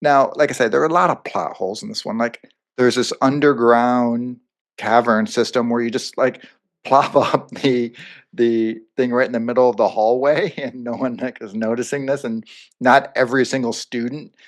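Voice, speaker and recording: A male co-host of a movie review podcast, with a mid-range voice at a moderate pace, rambles casually and animatedly, sprinkling in fillers and asides.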